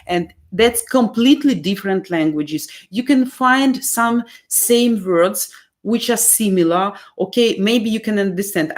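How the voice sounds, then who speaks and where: A woman's voice: lowish voice, darkish tone. Ukrainian-accented woman answering live questions. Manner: chatty, explains step by step with fillers. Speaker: dating coach answering viewer questions. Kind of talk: live Q&A stream.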